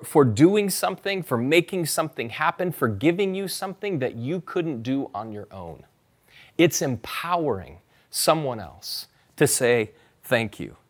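A man giving a sermon as pastor, with a voice pitched a little high for a man. He preaches in a relaxed, conversational way, often asking his congregation to say the verse out loud with him. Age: adult parent. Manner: conversational preaching, urging the congregation to repeat scripture.

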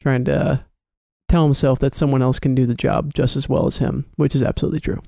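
A young man in his early twenties from the Chicago area co-hosts a podcast, chatting in a relaxed, easygoing way and often repeating or stumbling over words as he starts sentences. His medium-pitched voice is warm and mellow with a gravelly edge, and he talks fairly quickly. The recording is close and dry, with no room sound or echo.

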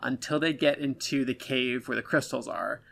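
A man's voice: mid-range voice, fairly even intonation, moderate pace, creaky, fairly bright tone. A man co-hosting a casual podcast, giving blunt, self-deprecating critiques of an episode. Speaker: podcast co-host. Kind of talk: casual review chat.

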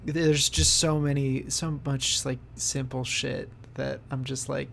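A man's voice: medium pitch, level tone, slow, creaky, fairly bright tone, a little hiss or hum. A young man co-hosting a casual podcast, laid-back, with short replies and dry jokes. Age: young adult. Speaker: podcast co-host. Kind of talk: casual chat.

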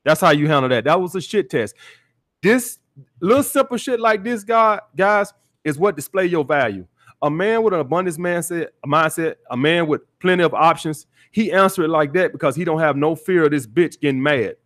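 A man's voice: fairly high pitch, animated, moderate pace, a bit bright. A man hosting a call-in dating podcast, giving blunt, profane advice in a preachy way and often saying "all right.". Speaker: podcast host, dating coach.

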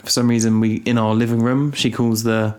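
Young man, podcast co-host, rambling teasing chat, average pitch. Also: a little fast, clean tone. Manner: rambling, teasing, deadpan asides. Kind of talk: casual chat.

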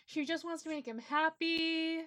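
A woman's voice: very high voice, fairly even intonation, normal speed, over a noisy crowd. A woman co-hosting a casual podcast chat, talking loosely with lots of fillers. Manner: casual, uses many fillers. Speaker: podcast co-host.

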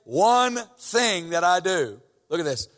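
Slow and sing-song, a guest preacher's high-pitched, fairly bright voice fills a church sanctuary with hall reverb. His sermon shifts from a casual opening to fervent emphasis.

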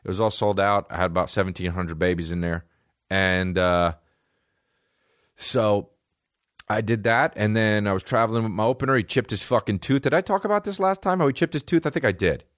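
A man's voice: on the low side, a little fast, a bit bright, no echo. A man hosting a podcast, talking in a rambling, profane, comedic monologue from a studio. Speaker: podcast host.

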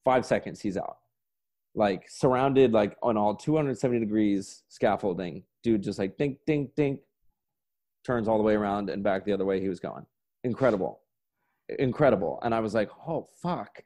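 A man's voice: on the low side, a little fast, a little mellow. A young man in his twenties, a sketch comedian guest, telling stories in a loose, rambling way with lots of "like" and swearing. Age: 20s. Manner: laid-back, rambling, peppered with "like" and swearing. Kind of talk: casual storytelling chat.

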